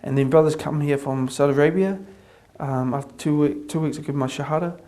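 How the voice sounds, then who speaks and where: A man with a New Zealand accent giving an earnest personal testimony, repeating phrases as he builds up excitement. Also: a little high, brisk. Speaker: convert sharing his testimony.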